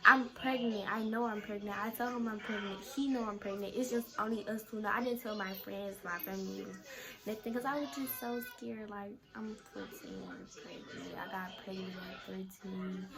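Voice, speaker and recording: A woman's voice: mid-range voice, steady tone, normal speed. A teenage girl vlogging a casual storytime, talking in a chatty way full of "like". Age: teens. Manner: chatty, fills talk with "like".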